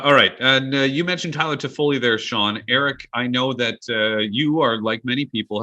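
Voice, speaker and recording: A man's voice: medium pitch, pushed and bright, no echo, muffled recording. A man hosting a sports podcast who asks questions and passes the floor to his co-hosts in a casual chat. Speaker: podcast host.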